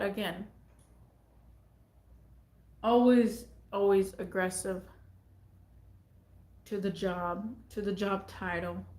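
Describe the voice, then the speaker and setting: A woman vlogger talking casually to her viewers in a rambling way, often repeating her phrases. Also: mid-range voice. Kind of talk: casual talk to camera. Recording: echoey room.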